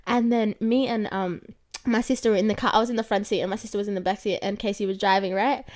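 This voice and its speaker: A young woman co-hosting a casual podcast, excitable and teasing, often addressing listeners directly. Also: mid-range voice, fast. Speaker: podcast co-host. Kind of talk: casual chat between best friends.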